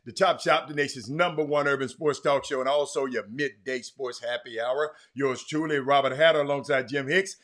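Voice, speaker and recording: A middle-aged man, hosting a live sports talk stream in an animated way, full of fillers and repeats. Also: medium pitch, normal speed, few pauses. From Houston, Texas. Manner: animated, talks straight to the chat, lots of fillers and repeats. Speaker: sports talk show host.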